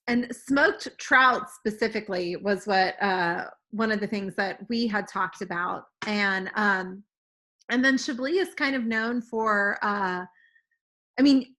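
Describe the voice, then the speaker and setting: Woman host talking travel, slow and hesitant, lots of ums, bright voice. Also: mid-range voice. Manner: halting, many "um" and "uh". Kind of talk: casual travel chat.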